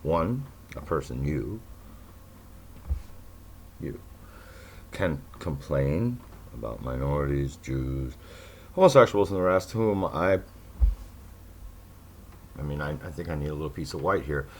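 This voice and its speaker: Man, solo podcast host, deep bass voice with a faint hiss behind it, sarcastic and rambling. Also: lively intonation, measured pace, pauses often, a little mellow. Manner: sarcastic, rambling, with mocking asides. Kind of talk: casual monologue to listeners.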